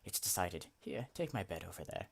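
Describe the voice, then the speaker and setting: A man's voice: sits low, sing-song, brisk, slightly rough, full character voice. A man voicing a friendly, boastful Norse god in a video game, speaking in a hearty, old-fashioned way. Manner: hearty, old-fashioned speech with "aye" and "lad".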